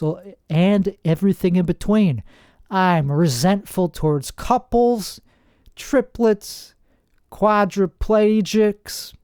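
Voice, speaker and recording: A man's voice: fairly high pitch, a little mellow, dry recording, clean studio sound. A man hosting a solo podcast, rambling in a sarcastic, self-deprecating way. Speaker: podcast host.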